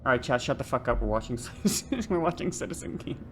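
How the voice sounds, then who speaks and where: A woman's voice: very deep voice, expressive, fast, faint music behind. A woman streaming a game, chatting casually with her viewers and ranting with heavy swearing and frequent restarts. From not American. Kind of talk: casual chat while gaming on stream.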